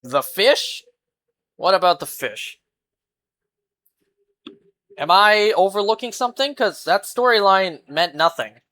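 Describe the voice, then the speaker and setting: Unhurried, incredulous streamer chatting. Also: medium pitch, lively intonation, pushed and bright. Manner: rambling, incredulous reactions to chat. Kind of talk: casual live-stream chat while playing.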